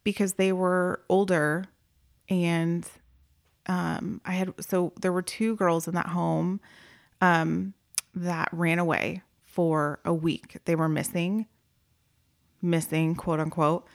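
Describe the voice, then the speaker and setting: A woman speaking in a casual podcast chat, telling an emotional story and slowing down, going soft at the heavy moments. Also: lowish voice, flat delivery, creaky. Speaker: former group home worker.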